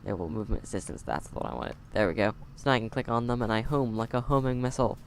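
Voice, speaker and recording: Gravelly man doing wry game commentary. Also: fairly low pitch, expressive, racing, a little hiss or hum. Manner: wry, chatty, sarcastic asides and laughs. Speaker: game player. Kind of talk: let's play commentary. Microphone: close desk mic.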